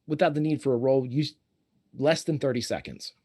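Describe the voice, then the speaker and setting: A man's voice: mid-range voice, warm tone, a little hiss or hum. A man narrating scenes and calling for dice rolls as game master of a tabletop game. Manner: descriptive, unhurried, calls for rolls.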